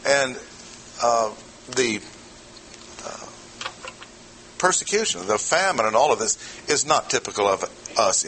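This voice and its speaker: A man preaching to a congregation in a bright, forceful voice. He keeps it conversational and stops to ask his listeners questions. A faint background ambience sits under his words. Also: lowish voice, a little hiss or hum, rough recording. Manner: conversational, asks the audience questions. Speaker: pastor. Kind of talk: expository sermon.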